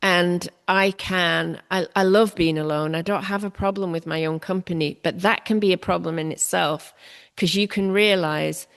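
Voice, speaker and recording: Low gravelly-voiced woman, reflective. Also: steady tone, normal speed. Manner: reflective, self-deprecating, frequent laughter. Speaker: artist and interview guest. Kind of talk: candid conversational interview.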